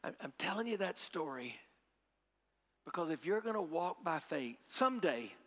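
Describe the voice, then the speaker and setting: Middle-aged male preacher, high tenor, animated storyteller, church reverb. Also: normal speed. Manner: animated storytelling, swings from hushed to loud; repeats phrases, leads audience call-and-response. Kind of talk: sermon. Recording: long hall reverb.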